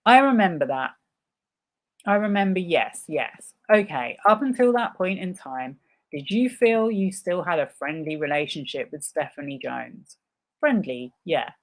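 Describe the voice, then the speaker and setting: A woman live-streaming a reading of a legal deposition, voicing the questions and answers herself and breaking in with sarcastic asides. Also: lowish voice. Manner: reads several parts in turn, interjects sarcastic asides. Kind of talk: live dramatic reading with commentary.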